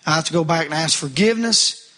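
A bright, high-pitched male preacher in the middle of a fervent sermon. He speaks straight to the congregation, asking them questions and pressing them to answer. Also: quick pace. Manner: preaching with rising fervor, calls to the congregation.

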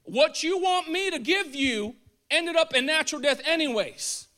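A man preaching a casual, animated sermon in a colloquial way, chuckling as he goes. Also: very high voice, moderate pace.

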